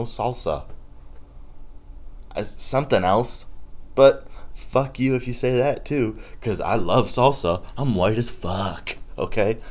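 Profane rambling young man, low voice. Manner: profane, rambling, loose and joking. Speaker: podcast host. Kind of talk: casual comedic rant.

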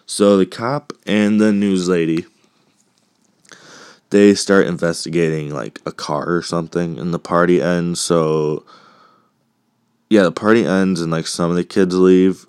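A deep-voiced man with a cough works through a movie recap at an unhurried pace, rambling and swearing for laughs. His voice sounds close and dry, with no room around it. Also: steady tone, darkish tone, clear, resonant tone, dry recording. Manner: rambling, profane and joking.

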